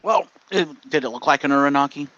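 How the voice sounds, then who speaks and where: A man co-hosting a casual podcast, throwing in quick, opinionated asides. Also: medium pitch, fairly bright tone, lo-fi sound. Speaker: podcast co-host. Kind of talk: casual chat.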